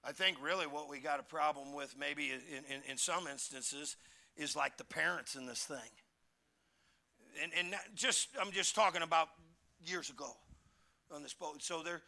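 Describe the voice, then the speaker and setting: A man delivers a sermon with a high, gravelly voice that has a piercing, tense edge. He preaches with emphasis, calls on the congregation to repeat lines back, and swells into shouts. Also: normal speed. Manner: animated, breaks into shouts. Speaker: pastor.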